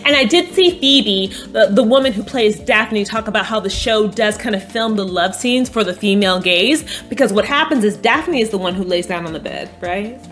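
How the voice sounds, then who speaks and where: A woman chatting casually as she recaps a TV episode, animated and playful, bursting into dramatic emphasis and swearing bluntly. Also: medium pitch, moderate pace, hardly any pauses, soft background music. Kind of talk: casual chat.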